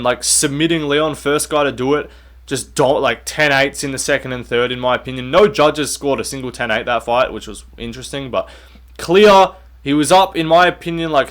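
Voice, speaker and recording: A man's voice: medium pitch, fairly bright tone. A young man giving a casual, blunt commentary rant, swearing freely and filling his talk with "like" and "bro". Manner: blunt, swears often, says "bro", many fillers. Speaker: MMA commentator and channel host.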